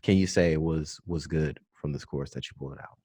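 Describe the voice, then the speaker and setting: Deep-voiced laughing male podcast host. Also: fairly even intonation, normal speed, dark tone, breathy edge, no room sound, studio quality. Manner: laughs often, loose and joking. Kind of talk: casual group chat.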